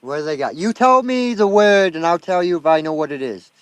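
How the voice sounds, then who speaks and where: A man's voice: fairly high pitch, expressive, fairly quick, a bit bright, clean tone, no echo. Blunt, swearing man with a Maine accent. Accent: Maine, Down East. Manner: blunt, profane storytelling. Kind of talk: casual livestream chat.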